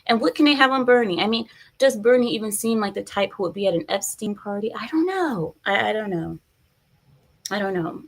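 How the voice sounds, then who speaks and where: A woman's voice: mid-range voice, gravelly. Woman ranting on her stream, chatty, opinionated, talks right to her viewers. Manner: chatty, opinionated, reads viewer comments aloud. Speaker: political commentary streamer. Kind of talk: casual live-stream commentary.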